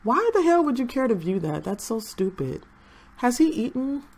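A woman's voice: fairly high pitch, big pitch swings, moderate pace, darkish tone. A young woman chatting through her gameplay and talking to the game characters. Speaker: gaming channel host. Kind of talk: casual gameplay commentary.

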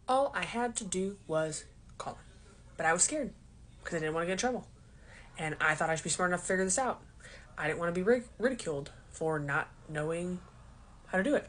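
Young woman, storytime vlog, self-mocking, animated, low-ish pitch. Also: a little fast, long pauses, a little hiss or hum. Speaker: vlogger telling a story. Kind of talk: casual storytime.

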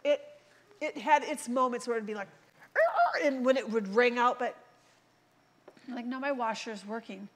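A woman preaching a sermon in a church, telling stories with animated acted-out voices. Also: a little high, moderate pace, pauses often, background noise. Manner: animated storytelling, acts out quoted voices.

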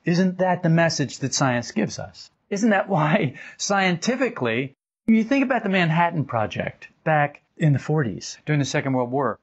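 An older man giving an informal spiritual talk as a teacher, telling stories and acting out quotes with his voice jumping higher. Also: husky. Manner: animated storytelling, acts out quotes with rising pitch. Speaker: esoteric teacher. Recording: dull lo-fi recording.

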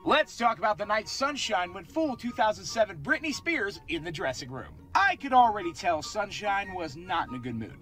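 A comedic storyteller recounting a wild night with animated, exasperated delivery. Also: mid-range voice, moderate pace, hardly any pauses, faint music behind.

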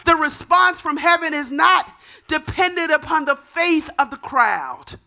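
High, bright-voiced woman pastor preaching. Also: expressive. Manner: fervent, rising to shouts on repeated calls; softer, measured teaching tone. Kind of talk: sermon.

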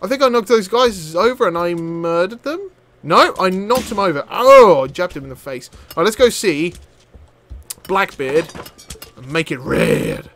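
A man commentating his own gameplay, excitable and chatty, shouting at enemies and laughing often. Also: sits high, moderate pace. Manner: excitable, loud outbursts and swearing, frequent laughter; chatty, talks to enemies on screen. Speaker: gaming channel host. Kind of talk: let's play commentary.

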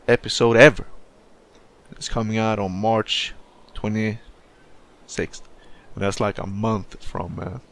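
A man's voice: lowish voice, fairly bright tone. A man giving casual gaming commentary, rambling and swearing, often scolding himself. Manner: profane, self-critical, rambling. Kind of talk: casual let's play commentary.

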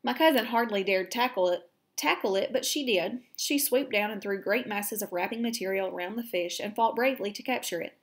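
A woman's voice: medium pitch, a little fast, lightly acted. A woman voicing a patient, wise female spider while reading a storybook aloud to children. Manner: patient, gently commanding. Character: calm, wise, kindly female barn spider.

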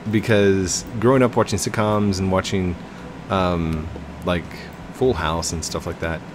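Gaming host, man, low voice, unhurried delivery, over a steady background hum. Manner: chatty, jokey, giggles and talks to his teammate. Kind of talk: casual gameplay commentary.

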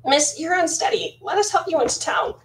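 A woman voicing a kind, earnest young man who speaks gently and carefully. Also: very high-pitched, fairly quick, gravelly, a little hiss or hum, pitched above the performer's own voice. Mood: gentle. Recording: voice slightly distant from mic.

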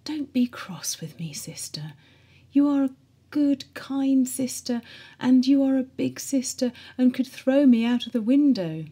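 Woman as a pitiful young man, whispering, refined, pleading, high voice. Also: expressive, measured pace, mellow, slightly rough, heavily acted.

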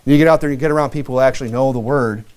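A man from Michigan preaching a sermon, animated, with many asides and acted-out quotes. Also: mid-range voice, racing. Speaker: pastor.

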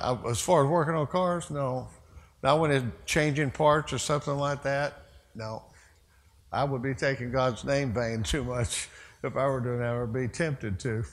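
A pastor with a mid-range, slightly bright voice preaches a sermon in a church sanctuary, his intonation fairly even and pace moderate. He tells a story loosely and conversationally, with asides, and the recording carries long church reverb.

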